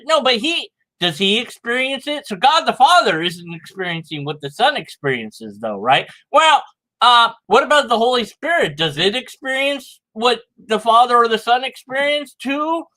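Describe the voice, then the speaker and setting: A man's voice: very high voice, very animated, moderate pace, pushed and bright. A man giving sarcastic, rambling commentary on a sermon clip, mocking the preacher's arguments. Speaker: video commentator.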